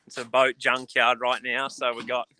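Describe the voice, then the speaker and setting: Easygoing aussie angler guy, bright tone, casual chat. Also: medium pitch, flat delivery, normal speed, slight background noise. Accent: Australian. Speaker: professional angler guest. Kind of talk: casual video call chat.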